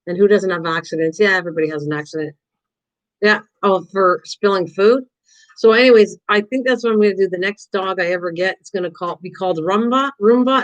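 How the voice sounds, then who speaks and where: An older woman rambles through a live crafting stream, chatting easily to unseen viewers and to her dog. Her pitch sits right in the middle and her talk wanders from one thought to the next. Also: low-quality recording. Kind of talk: casual live-stream chat while painting.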